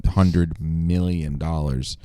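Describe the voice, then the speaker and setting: A man's voice: very deep voice, fairly even intonation, slow pace, noisy background. A man co-hosting a podcast in casual gaming chat, telling stories and complaining wryly, with laughter, recorded in person. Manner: storytelling with wry complaints and laughter. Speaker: podcast co-host.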